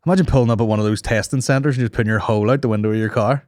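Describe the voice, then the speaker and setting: A man's voice: on the low side, steady tone, racing, a little mellow. A man hosting a comedy podcast, swearing a lot and laughing at his own crude jokes. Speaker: podcast host.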